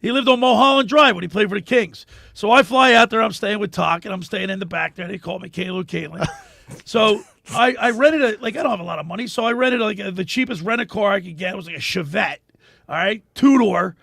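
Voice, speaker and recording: High, gravelly-voiced man telling stories. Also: fairly quick, no echo, studio quality. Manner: animated storyteller, laughs at his own tales. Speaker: radio sports show host. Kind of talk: casual radio chat and storytelling.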